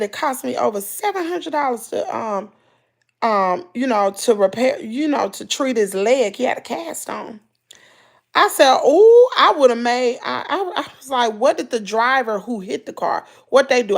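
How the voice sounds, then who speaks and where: A woman with a Mississippi Southern accent chats casually with her livestream viewers, telling stories in country slang. Her voice sits high and carries a gravelly fry. She talks in an animated way and answers comments as she reads them. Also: moderate pace. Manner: animated storytelling, loud laughter, country slang. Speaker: livestream host.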